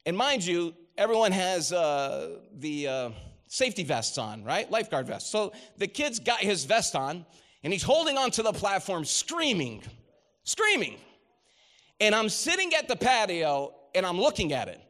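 A man's voice: high-pitched, very animated, unhurried, fairly bright tone. A middle-aged man preaching a sermon, telling stories with rising emphasis and quoting scripture.

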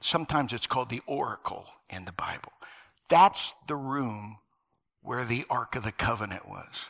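A middle-aged or older man preaching a sermon, telling stories in an animated way that swings from loud emphasis to near-whispers. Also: medium pitch, moderate pace, gravelly. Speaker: pastor.

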